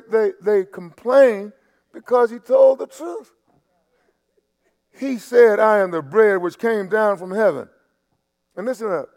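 A man's voice: high-pitched, vocal fry. Preaching man in a reverberant church. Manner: conversational preaching, stammers and repeats, swings from loud emphasis to quiet asides. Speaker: pastor. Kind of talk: sermon. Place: church sanctuary. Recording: long hall reverb.

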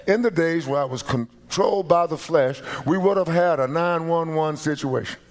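Preaching pastor, emphatic bursts. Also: male voice, fairly high pitch, moderate pace. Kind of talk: sermon. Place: church sanctuary.

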